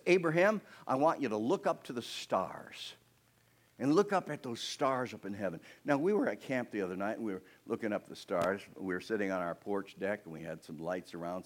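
A man preaching a sermon, telling a Bible story with animated voices for its characters and having the congregation repeat words back to him. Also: deep voice. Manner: animated storytelling, voicing the people in his story.

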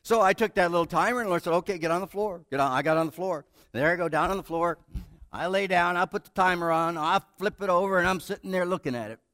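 A middle-aged male preacher with a somewhat high voice, animated and self-mocking as he tells a story. His delivery swings from hushed to loud, and the recording is dry and close. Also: fast talker, no echo. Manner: self-deprecating humor. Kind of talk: sermon with storytelling.

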